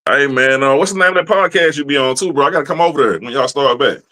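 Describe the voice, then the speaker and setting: A man's voice: medium pitch, fast talker, bright, forceful tone. A man hosting a podcast, talking loosely with lots of slang and profanity. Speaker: podcast host. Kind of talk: casual podcast chat.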